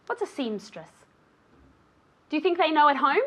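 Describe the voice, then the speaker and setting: A woman's voice: high voice, lively intonation, moderate pace, sharp tone. A woman teaching an English lesson on a show, encouraging a student and the viewers at home, often checking in with "okay?". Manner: encouraging, ends phrases with "okay?".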